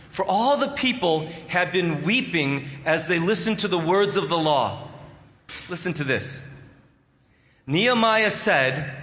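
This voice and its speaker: A man preaching a sermon as pastor, animated and emphatic, with playful asides to the congregation. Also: sits high, measured pace. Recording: echoey hall with long reverb.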